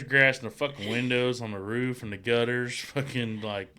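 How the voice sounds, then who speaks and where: A man's voice: mid-range voice, moderate pace, pushed and bright, slight background noise. A man telling rambling, swear-heavy stories and laughing through them in a casual chat. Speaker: podcast co-host.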